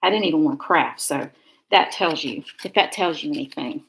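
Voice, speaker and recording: Middle-aged woman, lowish gravelly voice, chatty rambling craft-demo host. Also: animated, a little fast, rough recording. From Georgia, USA. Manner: chatty, rambling, warm asides. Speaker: card-making crafter. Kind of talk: casual live-stream crafting demo.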